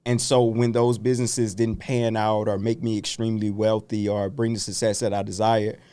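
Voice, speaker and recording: A man's voice: lowish voice, level tone, moderate pace, dark tone, smooth. A man who is a business coach and pastor, talking in a casual interview in an earnest, reflective, motivational way.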